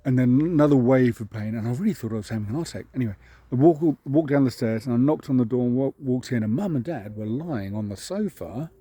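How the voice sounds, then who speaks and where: Husky, mellow Englishman telling a story. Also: medium pitch, expressive, fast, no echo. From England. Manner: rambling, self-deprecating, chuckling at his own story. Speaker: vlog host. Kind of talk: casual storytelling. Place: outdoors, walking a dog.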